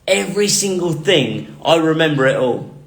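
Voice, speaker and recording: Speaking at a normal speed in a fairly high, expressive, gravelly voice, this man tells the camera about nearly dying. His delivery is earnest and emotional, leaning on repeated words for emphasis, and the room gives a noticeable echo.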